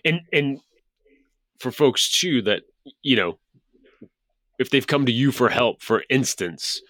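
A man's voice: medium pitch, animated, takes it slowly, a bit bright, no echo. A man hosting a podcast interview, chatting enthusiastically in a rambling way with many restarts. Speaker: podcast host. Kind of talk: casual interview chat.

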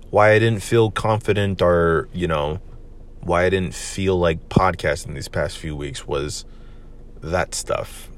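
A man's voice: low-pitched, measured pace. A young man hosting a solo podcast, talking candidly and rambling, with lots of "man" and "you know". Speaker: podcast host. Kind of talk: solo confessional podcast monologue.

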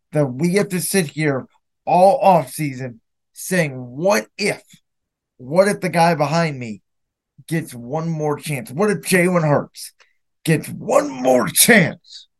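A young man hosting his own podcast, ranting with bitter, emphatic anger about his team's defeat. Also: a little high. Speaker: podcast host. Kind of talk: solo sports reaction podcast.

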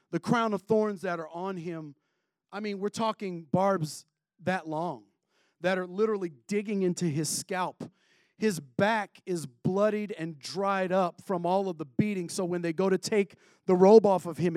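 A man's voice: sits high, darkish tone, no room sound, studio quality. A man teaching a Bible passage in a casual sermon, reading scripture aloud and breaking off with chatty asides and laughs. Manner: conversational, self-interrupting, laughs between points.

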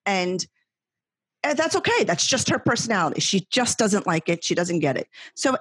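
Middle-aged woman, guest, husky voice, dry close sound, animated rambling storyteller. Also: medium pitch, no echo. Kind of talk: casual chat.

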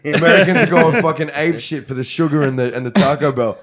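A man's voice: fairly high pitch, fast talker, a loud crowd. An Australian man, a guest musician, telling stories in casual podcast chat, laughing and swearing freely.

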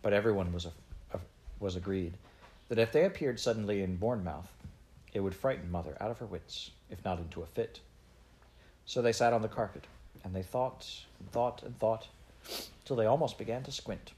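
A man reading a children's novel aloud in an unhurried, gently expressive way. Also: on the low side. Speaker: audiobook reader.

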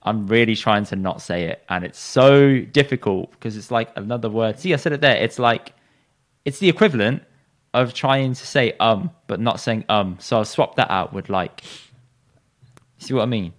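Quick, teasing man. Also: fairly low pitch. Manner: teasing, quick, says "innit". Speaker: podcast co-host. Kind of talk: casual chat.

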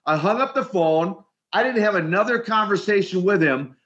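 Animated man telling stories, older. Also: high-pitched, moderate pace. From Minneapolis, Minnesota. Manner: animated storyteller, repeats words while starting sentences. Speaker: retired wrestler guest. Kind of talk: storytelling interview. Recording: dull lo-fi sound.

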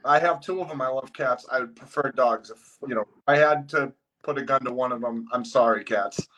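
A man's voice: mid-range voice, fairly quick, fairly bright tone, poor audio. A man in casual chat, ranting bluntly and swearing a lot.

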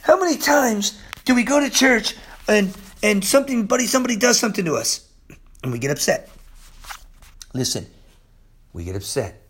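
A man delivers a sermon in a high, wildly swinging voice. He is impassioned, laughs often mid-sentence, and lurches from near-whispers to yelling. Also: sing-song, normal speed, long pauses, slightly rough. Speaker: pastor.

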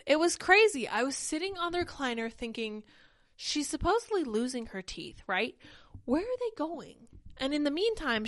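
A woman's voice: fairly high pitch, no room sound, studio quality. A young woman hosting a livestream podcast, talking casually and animatedly, a little short of breath. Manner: chatty, animated, reads chat comments aloud. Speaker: podcast host.

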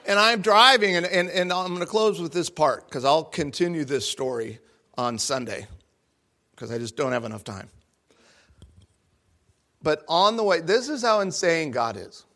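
Young male speaker, bright and forceful tone, lively jokey storyteller acting out dialogue for an audience. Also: fairly high pitch, moderate pace, long pauses. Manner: animated, jokey, acts out his own lines. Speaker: guest speaker.

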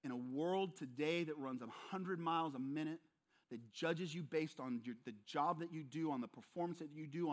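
A male pastor preaching a sermon, emphatic and repetitive, often speaking straight to his listeners. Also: fairly high pitch.

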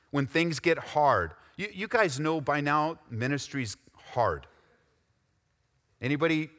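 Bright-voiced preacher in a reverberant hall. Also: male voice, mid-range voice. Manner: swings from loud exhortation to quiet intensity. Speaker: pastor. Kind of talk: sermon.

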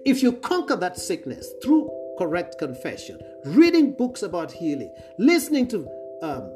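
A man preaching a sermon to an online audience. He talks emphatically, repeats key phrases and often checks in with listeners. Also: high voice. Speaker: preacher, apostle. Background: guitar music.

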